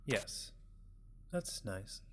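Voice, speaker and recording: A man voicing a gentle, tired father speaking softly and tenderly to his daughter. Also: drawn-out words, slight background noise. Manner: soft, quiet, tender.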